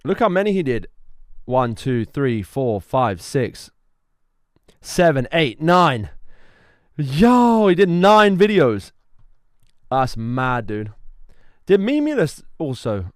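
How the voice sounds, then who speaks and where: Man, streamer, lively pitch, dry close sound, chatty, laughs easily. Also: slow, long pauses, no room sound. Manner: chatty, laughing, self-deprecating. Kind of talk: live reaction stream.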